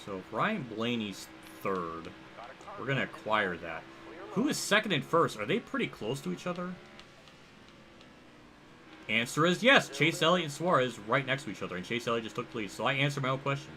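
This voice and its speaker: A young man livestreaming a racing game, rambling and thinking aloud as he reacts loudly to the action on track. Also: medium pitch, big pitch swings, normal speed, pauses often. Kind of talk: live gameplay commentary.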